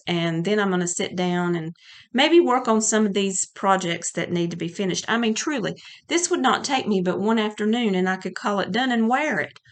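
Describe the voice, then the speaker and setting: A woman chatting casually to camera at home about her crafting, gushing and enthusiastic, a little out of breath, rambling with restarts. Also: mid-range voice. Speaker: crafting vlogger. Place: home, by a yarn closet.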